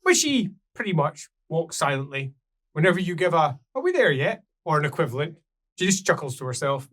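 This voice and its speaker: A man narrating a tabletop role-playing game as game master, in a relaxed storytelling manner. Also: on the high side, fairly quick. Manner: storytelling, relaxed, clears throat often.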